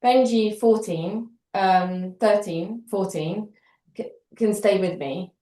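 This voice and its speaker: A middle-aged British woman telling a story in an interview, animated and wry, acting out the dialogue as she goes. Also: mid-range voice, slow. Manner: animated, acts out quoted dialogue with wry humour. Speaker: interview guest. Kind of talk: conversational storytelling. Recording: roomy echo.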